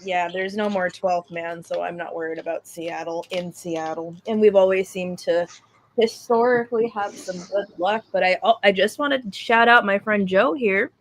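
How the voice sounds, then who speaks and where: A woman co-hosting a sports podcast, chatting casually with a frank, crude, joking edge. Her voice sits at a middle pitch. A faint hiss runs under the recording. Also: normal speed. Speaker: podcast co-host. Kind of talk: casual chat. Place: restaurant, eating.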